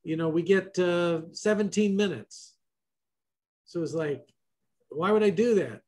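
High-voiced man hosting a roundtable. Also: measured pace, darkish tone. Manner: loose, joking, conversational. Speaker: host. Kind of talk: casual roundtable chat. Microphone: video call.

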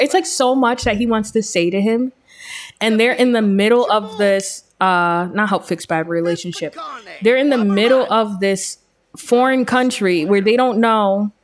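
A woman hosting a let's-play, giving chatty, excitable commentary as she tells her game's story. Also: mid-range voice, moderate pace. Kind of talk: casual gameplay commentary.

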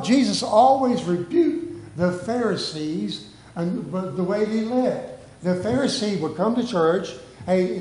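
Preacher guy, high voice, reads scripture then rambles with lots of hey and restarts, church sermon. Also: a little mellow, reverberant, a little hiss or hum, rough recording. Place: church sanctuary.

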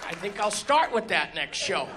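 A male stand-up comedian telling stories on stage with animated exasperation. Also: high-pitched, normal speed, a loud crowd, heavy background noise. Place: comedy stage before an audience. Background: audience laughter.

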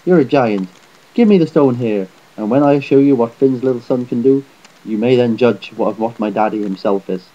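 A man's voice: mid-range voice, normal speed, dull audio, close to an everyday voice. A man voicing a giant posing as a baby, demanding and cocky.

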